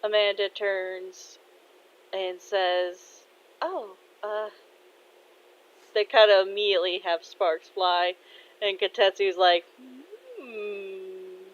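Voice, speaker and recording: A woman's voice: medium pitch, level tone, slow, smooth. A woman casually telling her own fan story aloud, hesitant, with many fillers and "he's like" asides. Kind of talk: casual spoken fan fiction. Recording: dull lo-fi recording.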